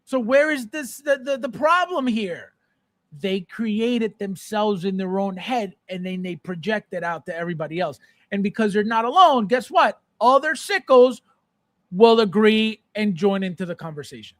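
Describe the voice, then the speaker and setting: A man's voice: sits high, expressive, normal speed, fairly bright tone, no echo, clean studio sound. A man hosting a live collector show, ranting with exasperation and repeating himself as he answers chat. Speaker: podcast host. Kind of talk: live-stream chat with viewers.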